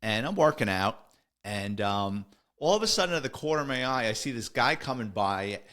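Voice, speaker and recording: An older man tells stories from his police years in a loose, rambling way. His voice sits at an ordinary middle pitch. He keeps stopping to correct himself and fills the gaps with fillers. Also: animated, brisk, fairly bright tone. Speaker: podcast host, retired police officer. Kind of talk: casual storytelling.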